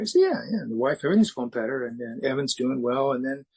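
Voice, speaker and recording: Husky middle-aged man sharing his story. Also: mid-range voice, big pitch swings, darkish tone, poor audio. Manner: halting, candid storytelling with many restarts. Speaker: speaker sharing at a recovery meeting. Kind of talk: personal recovery share.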